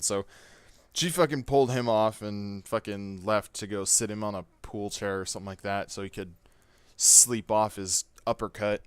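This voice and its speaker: A man's voice: lowish voice, moderate pace, clear, resonant tone, dry recording. A man casually telling a personal story, rambling with lots of fillers and swearing. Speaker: gaming YouTuber.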